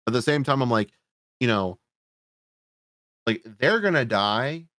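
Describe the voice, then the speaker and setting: A man's voice: medium pitch, animated, unhurried, a bit bright, no echo, studio quality. A man hosting a podcast, reviewing a horror movie in a casual, sarcastic, rambling way, swearing often. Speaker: podcast host.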